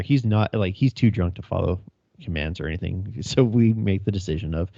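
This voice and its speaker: A man's voice: deep voice, brisk, creaky, mellow, no room sound. A young male police officer telling a chase story on a casual podcast, laughing, swearing and acting out radio calls. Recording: dry, dull lo-fi sound.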